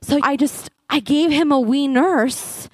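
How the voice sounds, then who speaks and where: A woman voicing a sweet, gentle female preschool teacher who coos in a high, drawn-out way. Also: no echo, rough recording. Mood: cooing.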